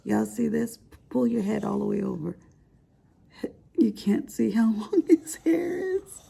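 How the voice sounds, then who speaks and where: A woman's voice: on the high side, unhurried, vocal fry, dark tone, breathy edge. An older grandmother chatting casually to her viewers as she crafts, rambling and laughing at her own asides. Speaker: crafting vlogger. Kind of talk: casual chat while crafting.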